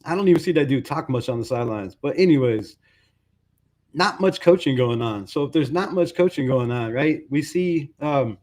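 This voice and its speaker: A man's voice: mid-range voice, lively intonation, moderate pace, darkish tone. A man hosting a fan channel, giving a casual, frustrated sports rant full of "bro" and "right?". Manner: frustrated, conversational, says "bro" and "right?" a lot.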